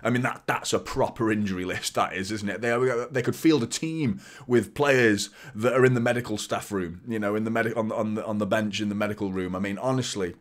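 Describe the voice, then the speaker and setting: A man's voice: lowish voice, brisk, few pauses. A man hosting a casual football preview monologue, rambling and opinionated, who often restarts his sentences, repeats words and laughs as he goes. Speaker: football fan channel host.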